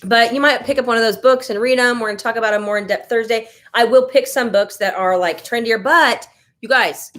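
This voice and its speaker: A woman's voice: fairly high pitch, a little fast, fairly bright tone. An American woman hosting a casual live stream, chatting loosely and reacting to viewer comments as she goes. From United States. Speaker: livestream host.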